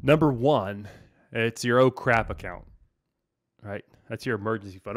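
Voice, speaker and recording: A man hosting a casual podcast as a financial planner, talking in an energetic, laid-back way full of slang. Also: fairly low pitch, normal speed, dry recording, studio quality.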